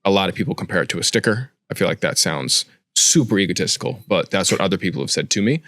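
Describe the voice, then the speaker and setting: A man's voice: low-pitched, expressive, fast, fairly bright tone, no echo, studio quality. A man co-hosting a casual podcast, talking bluntly and cursing a lot. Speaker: podcast co-host, tattoo artist. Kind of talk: casual chat.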